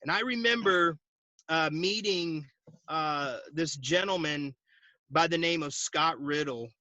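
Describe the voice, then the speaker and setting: A man in his forties with a high, bright voice, heard close and dry over a video call. He tells his story in an animated way, laughs often and acts out the other people's lines as he goes. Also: slow pace, no echo, lo-fi sound. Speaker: guest, insurance agency owner. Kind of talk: storytelling interview. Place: at home.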